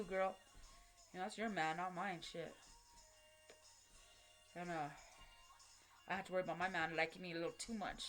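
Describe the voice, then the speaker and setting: A woman's voice: on the low side, fairly bright tone. Blunt, profane woman telling a story. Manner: blunt, profane street slang with many fillers. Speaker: vlogger. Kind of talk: personal storytelling.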